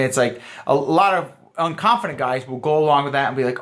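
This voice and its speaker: A man's voice: mid-range voice, brisk, hardly any pauses, fairly bright tone. A man giving earnest, emphatic dating advice straight to camera, talking to viewers as guys. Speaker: dating coach. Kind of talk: direct-to-camera coaching talk.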